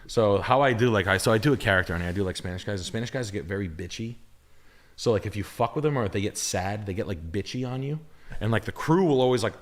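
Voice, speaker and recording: Man, live stream chat, animated storyteller, lively intonation, long room reverb. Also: on the low side. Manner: animated, acts out voices, swears freely.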